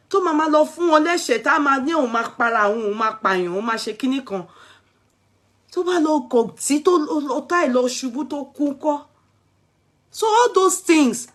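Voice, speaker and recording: A woman's voice: fairly high pitch, fairly bright tone. A woman with a Nigerian accent giving casual, emphatic celebrity commentary as a vlogger, switching freely between languages. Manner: chatty and emphatic, switches between English, Yoruba and Pidgin.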